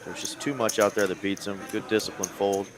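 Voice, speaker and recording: A man commentating a live poker stream in a relaxed, chatty way. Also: lowish voice, brisk, crowd noise. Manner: relaxed, conversational, chatty asides.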